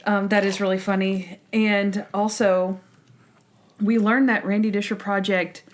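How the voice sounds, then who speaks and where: A woman co-hosting a podcast in casual chat, telling a TV episode in an animated way and laughing often. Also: mid-range voice, a little slow. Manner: chatty, laughs often, retells scenes animatedly. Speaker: podcast co-host.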